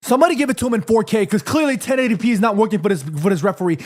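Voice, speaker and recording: A young man hosting a live football watchalong, reacting excitedly to the match, pleading with the referee and swearing freely. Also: high voice, very fast, few pauses.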